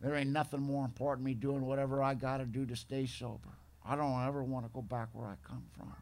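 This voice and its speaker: A man speaking at a recovery meeting, telling his story bluntly, with rough slang and gruff humor. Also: medium pitch, little pitch movement, fast talker, a little mellow. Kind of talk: storytelling talk.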